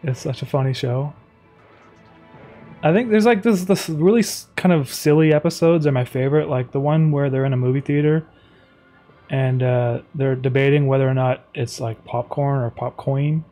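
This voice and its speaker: Soft-spoken man chatting while he draws. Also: mid-range voice, normal speed, faint music behind. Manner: soft-spoken and rambling, with many fillers. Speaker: streamer and animator. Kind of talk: casual live-stream chat while drawing.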